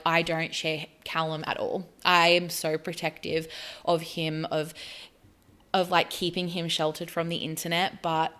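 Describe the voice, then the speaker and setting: A woman's voice: on the low side, a bit bright. An Australian woman in her thirties talking casually to camera, rambling and chatty with plenty of "like". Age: 30s. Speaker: spiritual vlogger.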